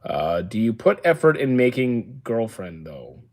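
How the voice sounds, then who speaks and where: A man in his thirties, a streamer, casually reading viewer comments aloud and answering them with dry, deadpan replies from an indoor storage room. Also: medium pitch, a little slow. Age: 30s. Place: indoor room used for storing action figures.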